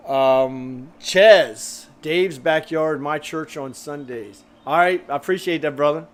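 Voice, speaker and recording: A man's voice: on the high side, slow pace. A man hosting a grilling live stream. He chats loosely with lots of fillers while reading viewer comments, and he is a bit out of breath. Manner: loose and rambling, with many fillers.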